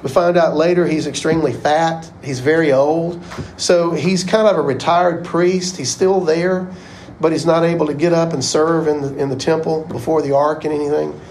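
A man's voice: fairly high pitch, a little mellow, slight background noise, low-quality recording. A man teaching a casual Bible class, chatty and rambling. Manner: chatty, rambling, uses "y'all".

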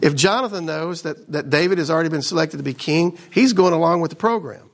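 Man, casual sermon, gravelly voice, a bit high-pitched, conversational. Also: fast. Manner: conversational, keeps asking "right?". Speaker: Bible teacher.

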